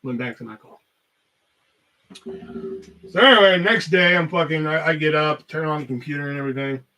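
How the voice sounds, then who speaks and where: A man's voice: a little high, moderate pace, pushed and bright, far from the mic, low-quality recording. A man hosting a podcast, telling a rambling story in casual talk full of swearing. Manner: rambling, heavy cursing. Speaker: podcast host.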